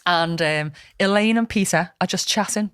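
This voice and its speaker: A woman's voice: on the low side, normal speed, fairly bright tone, clear, resonant tone, no echo, clean studio sound. A woman, chatting casually as a podcast host and retelling a film plot with plenty of swearing. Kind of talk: casual storytelling chat. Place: podcast studio.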